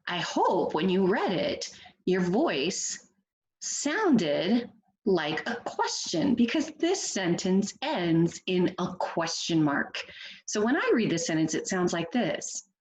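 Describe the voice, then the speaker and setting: A woman's voice: on the low side, slow pace, poor audio. A woman teacher guiding first graders through a picture book, asking them questions in an encouraging way. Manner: encouraging, asks children questions, expressive. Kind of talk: read-aloud reading lesson for children.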